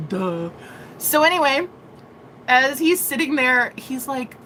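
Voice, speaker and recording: A woman's voice: high voice, very animated, slow, long pauses, pushed and bright, a little hiss or hum. A woman, a psychic reader, telling a story in a casual vlog. She giggles a lot, talks animatedly and swears freely.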